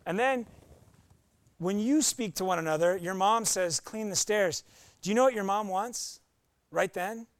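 High-voiced playful male pastor. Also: creaky, a bit bright, dry recording. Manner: playful, acts out voices and quotes. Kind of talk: sermon.

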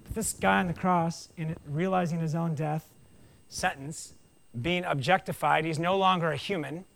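A man delivers a sermon in a relaxed, conversational way, with a fairly high voice carrying a gravelly edge. He tells the story with animation, acting out what people say and dropping wry asides. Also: normal speed. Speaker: preacher.

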